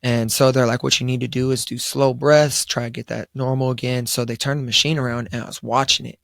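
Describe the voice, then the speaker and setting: A young man with a drawl and a gravelly, fry-edged voice tells a long personal story at a podcast table. He speaks at an ordinary pitch, quoting himself with lots of "I was like" and restarts. The sound is dry and close. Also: little pitch movement, brisk, fairly bright tone, no echo. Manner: laid-back storytelling, quoting himself, frequent fillers and restarts. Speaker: podcast co-host. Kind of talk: casual storytelling chat. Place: studio around a table.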